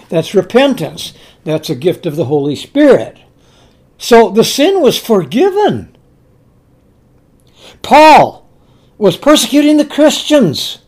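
A man preaching a sermon, telling scripture stories slowly and emphatically, often repeating his words. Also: high-pitched, a little mellow. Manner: earnest storytelling, slow and emphatic, with repeated words.

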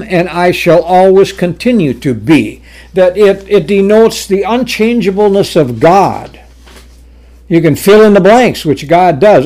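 A male preacher delivers a teaching sermon, reading scripture aloud and unpacking it point by point. His voice sits slightly high and he takes his time, with fillers and small restarts along the way. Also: darkish tone.

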